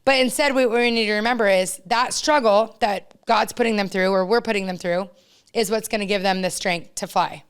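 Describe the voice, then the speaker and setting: A woman's voice: mid-range voice, brisk, clean tone. A woman co-hosting a podcast, a youth coach telling a heartfelt story in a casual, earnest way with lots of fillers. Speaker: podcast co-host.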